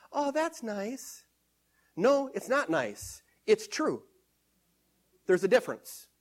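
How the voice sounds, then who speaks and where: A male preacher delivering a sermon, repeating scripture phrases with emphasis and swinging between hushed and loud passages. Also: sits high.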